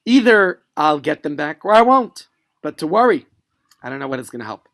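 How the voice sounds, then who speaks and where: A man teaching a Torah lesson from home, speaking with lots of restarts, asides and vivid pictures. His voice swings widely, rising sharply for quoted commands and dropping low for his asides. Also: fairly quick. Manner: animated storytelling with many restarts and asides.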